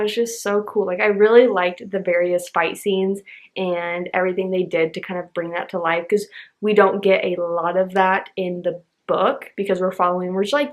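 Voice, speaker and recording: A young woman talks in a bubbly, gushing way, piling on "like" as she chats. Her voice sits at an ordinary middle pitch for a woman. This is casual, unscripted book-vlog talk. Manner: bubbly, gushing, heavy use of "like". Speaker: book vlogger. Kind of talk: casual chat.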